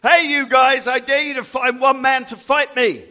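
A man voicing a boastful giant warrior who shouts his taunts, told as part of a story for a group. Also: very high-pitched, steady tone, moderate pace, pitched above the performer's own voice. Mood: taunting. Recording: echoey hall.

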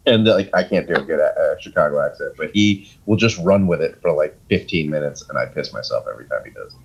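A man with a very low voice chats loosely on a podcast, rambling and cracking jokes with sudden bursts of excitement. The recording sounds dull and lo-fi. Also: a little fast, creaky, breathy edge. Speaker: podcast co-host. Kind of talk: casual chat.

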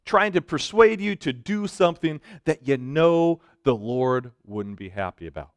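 Male preacher with a lively, fairly high voice that jumps between booming emphasis and quiet asides. Clean, dry sound. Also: a little slow, clear, resonant tone, dry recording. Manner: swings between loud emphatic lines and soft hushed ones, with joking asides. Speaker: pastor speaking to students. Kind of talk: sermon.

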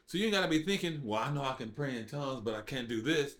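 Guy on a podcast telling his faith story, casual and animated, voice jumps way up when he quotes people, mid-pitched. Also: quick pace. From United States. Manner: informal speech with dropped verbs. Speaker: podcast guest sharing testimony.

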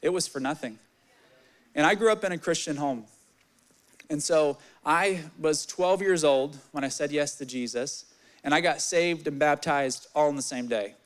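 A young man preaching a sermon, candid and animated, telling personal stories and reading scripture. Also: moderate pace. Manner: candid and animated, swelling louder in stories, dropping low on scripture.

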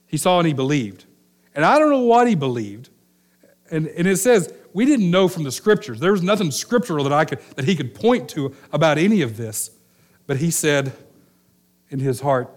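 A middle-aged male pastor preaching a sermon in a conversational storytelling manner, voicing the people in the story. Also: mid-range voice. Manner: conversational storytelling, acts out quoted lines.

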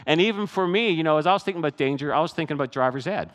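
A man's voice: on the high side, animated, very fast, fairly bright tone. A middle-aged man preaching a sermon as pastor, in a conversational style and acting out the voices he quotes. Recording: long reverb of a large hall.

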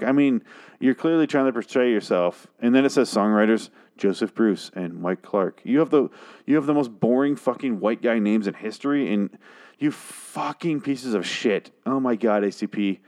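A man's voice: medium pitch, a little mellow. A drunk man hosting a comedy show, ranting angrily and profanely with exasperated outbursts. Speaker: show host. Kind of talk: comedic rant reviewing song lyrics.

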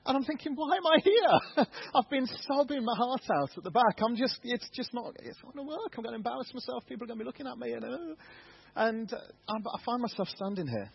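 Husky English man preaching in church. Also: extremely high pitch, fast, muffled recording. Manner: candid, self-deprecating storytelling. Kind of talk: personal testimony sermon. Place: church hall.

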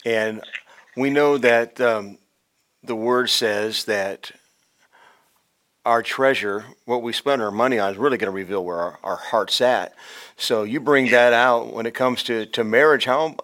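A man's voice: mid-range voice, unhurried, a bit bright. Male host, affirming, restarts his questions. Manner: affirming, repeats words when starting a question. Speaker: interview host. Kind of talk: interview questions.

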